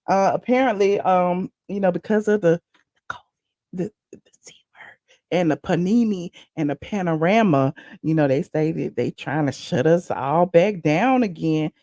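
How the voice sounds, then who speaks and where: A woman from Atlanta, hosting a casual live stream with animated, rambling asides. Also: mid-range voice, gravelly, no echo, clean studio sound. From Atlanta, USA. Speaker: host.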